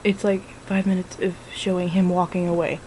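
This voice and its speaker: A woman's voice: fairly low pitch, flat delivery, fairly quick, dark tone, a little hiss or hum, rough recording. Giggly, foul-mouthed woman vlogger. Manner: giggly, profane, keeps breaking into laughter. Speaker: vlogger reviewing a film. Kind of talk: casual film recap.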